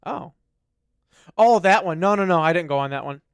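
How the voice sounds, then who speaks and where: A man co-hosting a podcast in casual chat, telling an animated story and acting out what his dog would say. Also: high voice, normal speed, clean tone, dry recording, studio quality. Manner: animated storyteller, acts out his dog's lines. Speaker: podcast co-host.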